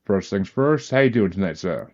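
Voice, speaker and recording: A chatty male podcast host with a slightly low voice that swings up and down in a lively way. He jokes at his own expense as he goes. The audio is dull and lo-fi. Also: moderate pace. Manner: chatty and self-deprecating. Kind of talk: casual podcast interview.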